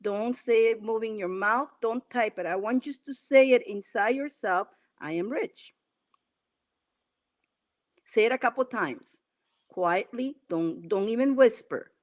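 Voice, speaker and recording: Woman, spiritual coach, live stream, fairly high voice, repetitive coaxing delivery. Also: moderate pace. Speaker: spiritual coach leading an affirmation exercise.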